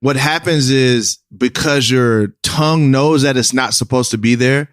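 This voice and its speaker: A man talking as a rapper guest on a podcast, laid-back and slangy, animated when he quotes others. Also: mid-range voice, measured pace, clean tone, dry recording, studio quality. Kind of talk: casual chat.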